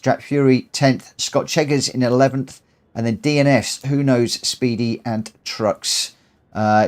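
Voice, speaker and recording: A man live-streaming a racing game, tired, chatting excitedly through races and reading out the results. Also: medium pitch. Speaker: live-stream host and sim racer. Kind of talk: live gameplay commentary.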